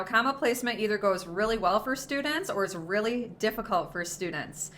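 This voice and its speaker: Bright-voiced woman tutoring test prep. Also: medium pitch. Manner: chatty and encouraging, with fillers and self-corrections. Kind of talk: casual video lesson.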